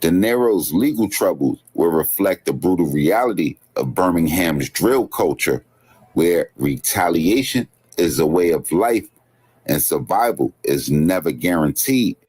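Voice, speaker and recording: Deep husky male narrator. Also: lively intonation, unhurried, darkish tone. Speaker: channel host narrator. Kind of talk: scripted documentary narration.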